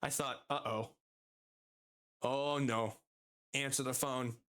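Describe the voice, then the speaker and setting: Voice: mid-range voice, fairly even intonation, slow, a bit bright. A streamer casually telling a work story, swearing and acting out the people in it. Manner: swearing, laughing at his own story; acts out quoted customers and bosses.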